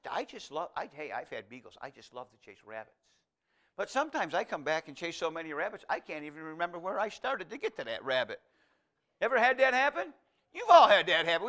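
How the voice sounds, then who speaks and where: A male pastor preaching a folksy, digressive sermon, reading scripture aloud and swinging between quiet asides and loud emphatic lines. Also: high-pitched.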